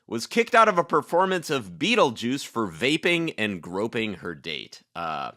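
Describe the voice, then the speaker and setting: A man co-hosting a comedy podcast, reading topical joke headlines and riffing with quick wordplay. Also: medium pitch, big pitch swings, sharp tone. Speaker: podcast co-host.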